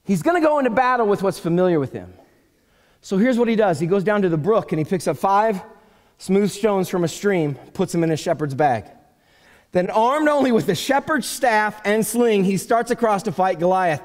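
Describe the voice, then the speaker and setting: A male pastor preaching a sermon in a church, telling the story in an animated, joking way. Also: high-pitched, moderate pace. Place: church sanctuary. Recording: long church hall reverb.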